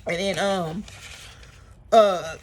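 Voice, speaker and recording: A woman recapping a reality TV episode in a casual, gossipy vlog, animated and chatty, with plenty of fillers. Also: lowish voice, extremely slow, slight background noise. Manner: animated, acts out quotes in exaggerated voices; chatty with frequent fillers and laughs.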